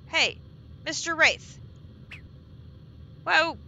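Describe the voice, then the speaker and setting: A woman's voice: high voice, extremely slow, vocal fry, bright, forceful tone. A woman streaming a game live, chatting to herself as she counts out and places items. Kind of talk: live gameplay commentary.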